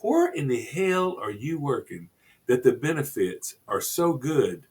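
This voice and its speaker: A man co-hosting a radio show in casual chat, animated and repeating words as he exclaims. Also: mid-range voice, measured pace. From United States. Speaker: radio co-host.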